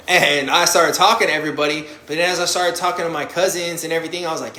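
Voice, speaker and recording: A man's voice: on the high side, steady tone, quick pace, hardly any pauses, pushed and bright, reverberant. A young man talking candidly and bluntly about life after prison, swearing often and acting out his own past reactions. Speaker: formerly incarcerated guest on a live panel. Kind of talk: candid conversational storytelling.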